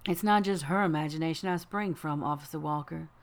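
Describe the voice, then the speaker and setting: A woman voicing a well-spoken male trickster rabbit with a smooth, unhurried Southern accent in an audiobook. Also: low voice. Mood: silky, persuasive. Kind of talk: audiobook character voice.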